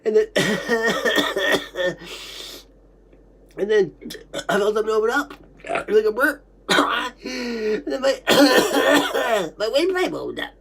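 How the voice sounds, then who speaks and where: A woman's voice: a little high, lively intonation, vocal fry, fairly bright tone, husky. Coughing woman recalling a memory. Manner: halting, repetitive, interrupted by coughing. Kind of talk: recounting a memory aloud.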